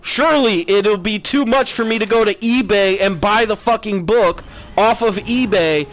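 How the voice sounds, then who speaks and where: A man's voice: high-pitched, moderate pace, a bit bright. A man streaming a profane, sarcastic rant that mocks people with put-on voices. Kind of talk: ranting commentary.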